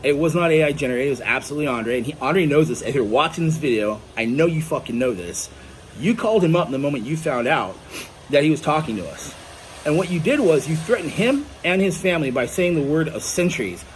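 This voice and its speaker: Male vlogger, combative rant, salty language; quiet room hum behind. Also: on the high side, big pitch swings, fairly quick. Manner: blunt, profane, combative. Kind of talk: angry ranting monologue. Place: indoors at home.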